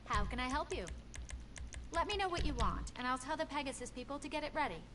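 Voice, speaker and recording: A woman's voice: high-pitched, lively intonation, fast talker, noisy background. A woman voicing a polite, helpful female assistant in a video game, heard distantly through the game audio.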